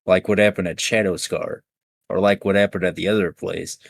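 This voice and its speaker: Low-voiced man joking about mishaps. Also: level tone, fairly quick, gravelly, dry recording. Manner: joking, builds comic worst-case scenarios. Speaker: tabletop game player. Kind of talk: casual post-game chat.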